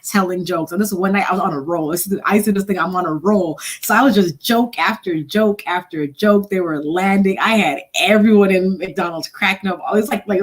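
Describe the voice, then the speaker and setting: A woman in her thirties from Montreal, a comedian and engineer, telling stories in a casual chat and acting out people in different voices. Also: mid-range voice. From Montreal, Canada. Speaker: guest, stand-up comedian and engineer.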